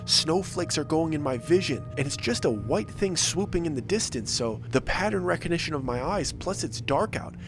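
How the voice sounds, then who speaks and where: Animated man telling a scary story. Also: a little high, moderate pace, few pauses, music in the background. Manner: animated, suspenseful retelling with quoted dialogue. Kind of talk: first-person scary story narration.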